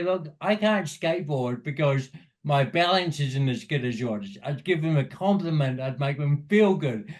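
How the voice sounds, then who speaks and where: A man in a podcast conversation, a motivational speaker telling earnest stories and often quoting what others said to him. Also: on the high side.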